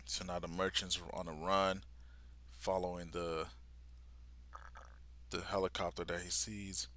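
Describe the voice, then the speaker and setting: A man's voice: sits low, little pitch movement, unhurried, pushed and bright. A man giving a live reaction to a comic, retelling it in casual slang and sometimes sinking to a near-whisper. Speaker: vlogger reacting live to a manga.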